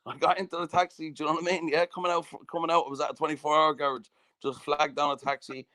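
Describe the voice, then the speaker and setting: A man's voice: fairly high pitch, level tone, fast talker, pushed and bright, no room sound. Sweary southern Irish man, dry sound. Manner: sweary storytelling, constantly asking "do you know what I mean". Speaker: podcast host. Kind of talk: casual chat.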